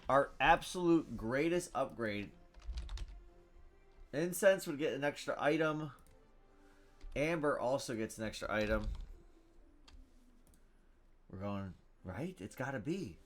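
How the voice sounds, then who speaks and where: A man giving live commentary on his own game, thinking out loud, reading card text aloud and bursting into loud cheers. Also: mid-range voice, expressive, takes it slowly, pauses often, faint music behind. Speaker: gameplay streamer.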